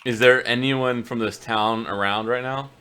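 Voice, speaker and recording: A man's voice: medium pitch, fairly even intonation, normal speed, bright, forceful tone, smooth. A man playing in a tabletop game, chatting in a hesitant way. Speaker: player.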